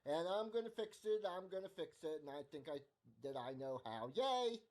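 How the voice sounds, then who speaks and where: A man's voice: a little high, steady tone, a little fast, darkish tone. A man live-streaming his coding, thinking aloud in a goofy, rambling, sing-song way.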